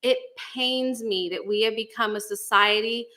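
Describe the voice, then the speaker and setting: A woman's voice: fairly high pitch, moderate pace, sharp tone. A woman co-hosting a casual live stream, chatty and heartfelt, with a slight cough. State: coughing a little. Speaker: podcast co-host.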